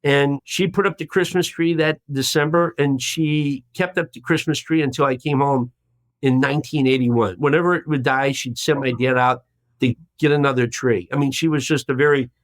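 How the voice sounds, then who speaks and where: A man in his sixties, a podcast guest telling a long story in a lively way and acting out the voices of the people in it. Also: mid-range voice, normal speed, dry recording. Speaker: guest, former hostage.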